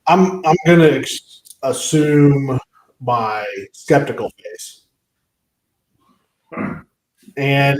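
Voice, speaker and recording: A man's voice: mid-range voice, slow pace, rough recording. A man, co-hosting a talk show and explaining step by step in a casual way. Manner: explains history step by step, acts out dialogue. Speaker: co-host.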